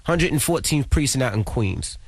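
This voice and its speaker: A young man co-hosting a morning radio show, telling stories with lots of acted-out voices and exasperated high squeaks. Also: lively intonation, moderate pace, slightly rough. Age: young adult. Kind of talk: animated morning radio storytelling.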